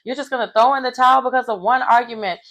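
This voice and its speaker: An upset young woman pleads with the fiancé who just backed out, repeating herself in frustration, as a woman quotes her in a recap. The voice sits higher than normal talk and sounds hurt and exasperated. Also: fast, fairly bright tone, natural voice.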